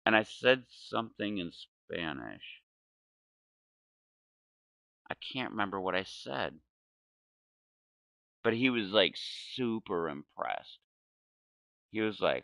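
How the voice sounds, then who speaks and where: A man in his forties chats while gaming, drifting from thought to thought and correcting himself with frequent laughs. His voice is low and smooth, and he speaks at an unhurried pace. The audio is dry and a little dull. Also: big pitch swings, a bit bright, no room sound. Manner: meandering, self-correcting, laughs often. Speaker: gaming channel host. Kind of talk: casual rambling storytelling while gaming.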